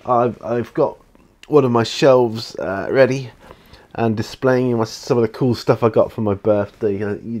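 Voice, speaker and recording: A man's voice: on the low side, a little mellow. A man hosting a hobby channel, chatting casually to camera in his home studio, rambling with restarts and fillers. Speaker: YouTube hobby channel host. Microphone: camera mic, speaking to camera.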